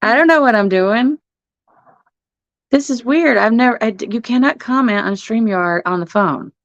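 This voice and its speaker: A woman's voice: a little high, moderate pace, dry recording. A middle-aged woman, hosting a casual livestream from her phone at home, laughing often and swearing casually. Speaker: livestream host. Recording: muffled phone stream audio.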